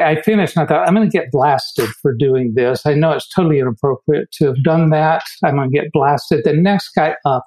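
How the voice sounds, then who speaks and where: An American man recounts his own experiences in an earnest, reflective tone. His voice sits a little high for a man, and he often doubles back to restart a sentence. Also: a little mellow, poor audio. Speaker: guest speaker. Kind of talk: personal storytelling.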